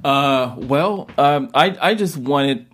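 A man's voice: medium pitch, animated, slow, fairly bright tone. A man being interviewed about his series, speaking hesitantly with many fillers and repeated words. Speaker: director and guest. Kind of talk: casual interview.

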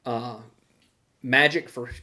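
A man chatting casually on a podcast, with quick reactions and wry jokes. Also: medium pitch, steady tone, a crowd in the background. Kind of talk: casual chat.

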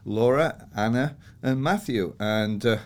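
A man's voice: medium pitch, a little slow. An older man from northern England with a Yorkshire accent, a podcast guest chatting about his life with fillers and easy laughs. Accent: Yorkshire English. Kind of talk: relaxed personal storytelling.

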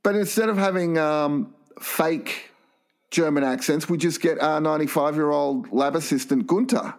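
Aussie guy cohosting a comedy podcast, deadpan, kinda high voice. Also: moderate pace. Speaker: co-host.

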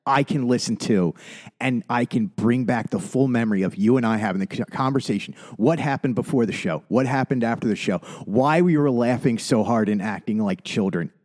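A man chatting on a podcast, earnest and sentimental, often stumbling and restarting his sentences. His voice sits at an ordinary middle pitch. It is relaxed, conversational talk. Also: fairly quick. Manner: heartfelt, rambling, restarts often when moved. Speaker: podcast co-host. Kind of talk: casual podcast chat.

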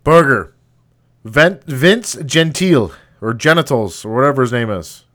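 A man's voice: mid-range voice, animated, unhurried, fairly bright tone. A man co-hosting a podcast, calling out rant topics in short, offhand prompts. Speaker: podcast co-host.

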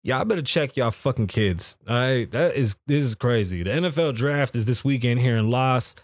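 A man hosting a podcast, talking loosely and cracking crude jokes, his pitch sitting in an ordinary middle range but leaping up and down when he gets excited. The sound is close and dry, with no room around it. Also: normal speed, no echo. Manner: loose, profane and joking, with sudden pitch jumps. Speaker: podcast host. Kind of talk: casual podcast chat.

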